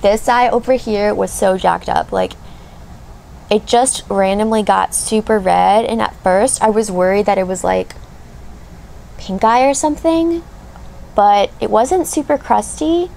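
A woman's voice: mid-range voice, a little slow, gravelly, darkish tone, a little hiss or hum. A woman in her thirties chatting casually while doing her makeup, rambling and gushing with lots of fillers. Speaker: beauty vlogger. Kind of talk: chatty get-ready-with-me vlog.

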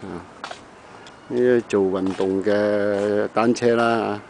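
Slow-talking man narrating his home video. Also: on the low side, fairly even intonation, gravelly, darkish tone, a little hiss or hum, rough recording. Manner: unhurried, filling pauses with short hums and "ah"s. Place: outdoors around a house and yard. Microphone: handheld camera.

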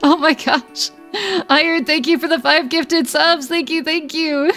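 A woman's voice: high-pitched, steady tone, unhurried, pushed and bright, soft background music. A woman streamer chatting and giggling with viewers while reading game text aloud during a let's-play livestream.

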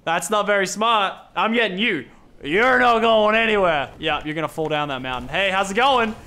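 A young man giving excited gameplay commentary, laughing and chatting to opponents. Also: sits high, normal speed. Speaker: gaming YouTuber.

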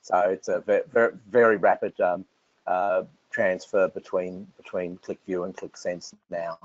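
A man with an Australian accent presenting software and answering technical questions, relaxed, with many fillers and restarts. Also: low voice, measured pace. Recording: dull, dry lo-fi audio.

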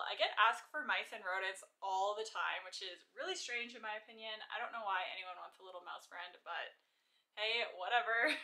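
A woman's voice: medium pitch, bright, forceful tone. A young woman vlogging casually as she crochets, chatty and self-deprecating, laughing often and counting stitches under her breath.

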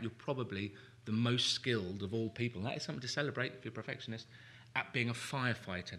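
In a lecture room, a man with a mid-range, slightly bright voice leads a live seminar workshop. He speaks emphatically, repeats key phrases, and acts out anxious inner thoughts aloud.

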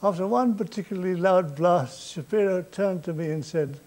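A man's voice: sits high, normal speed. Older man, dry stage storyteller. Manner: dry, deadpan anecdotal delivery. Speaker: comedian telling stories on stage. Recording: faint noise, 1990s VHS tape.

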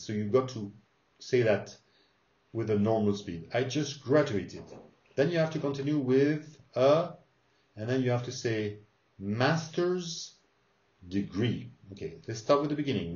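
A man teaches an English lesson, modelling each phrase slowly and repeating it for learners to copy. His voice sits at a middle pitch. The recording is roomy and a little dull. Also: expressive, a little mellow. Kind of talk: English lesson with pronunciation drills. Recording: roomy, slightly dull sound.

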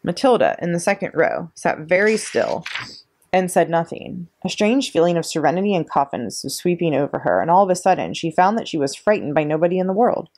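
A woman reading a children's chapter book aloud with expressive, dramatic delivery. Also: on the low side, fairly quick. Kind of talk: children's story read-aloud.

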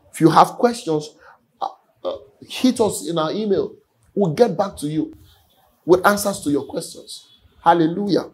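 A man's voice: fairly high pitch, a little mellow, rough recording. A man preaching a sermon earnestly, often repeating his words. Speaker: pastor. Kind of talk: sermon teaching.

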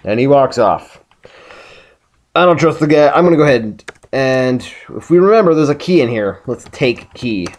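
A man's voice: mid-range voice, animated, normal speed, a little mellow. A man hosting a casual video game playthrough, joking around and reading the game text aloud. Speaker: let's play host.

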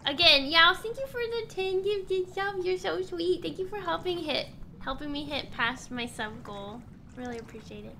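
A woman's voice: very high voice, expressive, normal speed, sharp tone, a little hiss or hum. A young woman streaming a game, chatting and thanking viewers in a bubbly way. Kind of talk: casual gameplay commentary.

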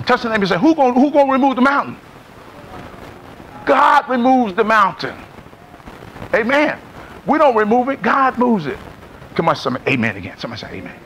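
A man's voice: high-pitched, pushed and bright, slight background noise. A middle-aged man preaching a sermon in a church, calling on the congregation to answer back and repeat after him. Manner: call-and-response preaching, asks congregation to repeat. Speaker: pastor. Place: church sanctuary.

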